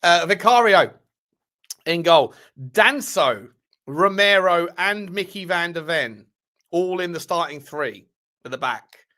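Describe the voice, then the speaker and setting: Guy hosting a footy watchalong, bright sharp voice, bit high, chatty. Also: expressive. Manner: chatty, quick, drinking cider while talking. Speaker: football watchalong host. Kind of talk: casual chat.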